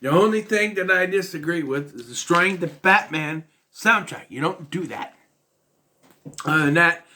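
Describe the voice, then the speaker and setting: A man's voice: a little high, pushed and bright, slight background noise. A man vlogging a casual film recap and review, rambling loosely with filler words and restarts. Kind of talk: casual spoken movie recap.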